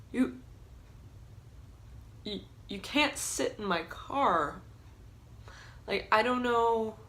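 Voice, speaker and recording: A young woman recounts her own stories for a storytime vlog in a relaxed, chatty way. She leans on "like" constantly and laughs her way through the telling. Her voice sits at an ordinary middle pitch for a woman. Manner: chatty, filler-heavy with frequent "like". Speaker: vlogger.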